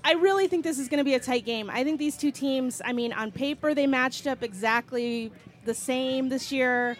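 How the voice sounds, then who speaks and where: A woman's voice: high voice, moderate pace. A woman who covers soccer, a guest on a live pregame show at a stadium. She answers in a thoughtful, hedging way. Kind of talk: casual chat. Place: outdoors at a stadium.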